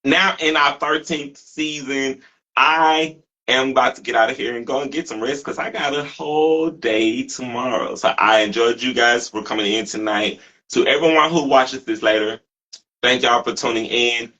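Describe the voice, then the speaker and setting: Bright-voiced earnest man host. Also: mid-range voice, steady tone, normal speed, rough recording. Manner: earnest, thankful, effusive. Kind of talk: casual talk show sign-off.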